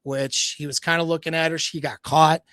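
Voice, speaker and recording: A blunt dating coach talking straight to his viewers on a livestream, loose and casual, with some swearing. His voice sits a little high for a man. The sound is dry and close, with no room echo. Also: flat delivery, normal speed, fairly bright tone. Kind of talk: livestream talk, telling a story.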